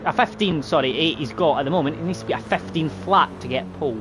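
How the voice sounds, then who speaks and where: A man commentating a sim racing broadcast in a chatty way, laughing and quickly correcting himself. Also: a little high, slight background noise. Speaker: race commentator.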